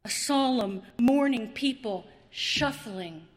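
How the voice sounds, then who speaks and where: A woman preacher delivers a sermon in a slow, drawn-out way, with pauses and repetition for effect. Her voice sits a bit high. It rings with the long reverb of a large hall. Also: expressive.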